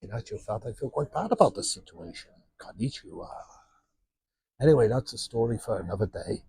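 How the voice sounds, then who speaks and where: A man's voice: medium pitch, lively intonation, fast talker, a little mellow. A man from Wales chatting to camera in a cruise ship bar, telling self-mocking stories on a small handheld microphone. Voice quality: gravelly, husky. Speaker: vlogger reviewing pubs. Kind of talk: casual vlog chat to camera.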